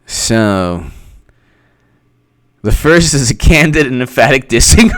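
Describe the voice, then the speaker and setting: A man's voice: medium pitch, lively intonation, takes it slowly, a bit bright, dry recording. A man who works as a political commentator, reading an article aloud and mocking it with sarcastic asides.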